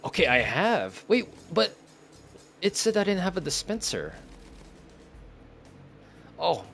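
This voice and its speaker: A man's voice: sits high, very animated, takes it slowly, gravelly, a bit bright, soft background music. A young man casually talking to himself while playing a game, often confused and swearing under his breath. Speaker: gameplay streamer. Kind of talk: casual gameplay commentary.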